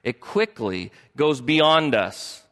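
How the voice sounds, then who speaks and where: A man's voice: mid-range voice, expressive, slow, fairly bright tone, long reverb tail. A man preaching a sermon as pastor, emphatic and repeating key phrases for stress.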